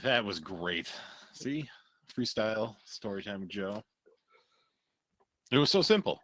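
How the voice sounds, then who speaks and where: A man's voice: lowish voice, animated, measured pace, a bit bright, no echo. A man co-hosting a comedy podcast, chatting in a laid-back, encouraging way. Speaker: co-host. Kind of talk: casual chat.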